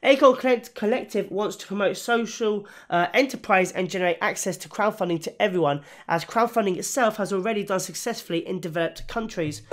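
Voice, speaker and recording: A YouTuber talking casually through a crypto project review, with many fillers, restarts and self-corrections, and bouts of hiccups. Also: male voice, sits high. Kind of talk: casual spoken review to camera.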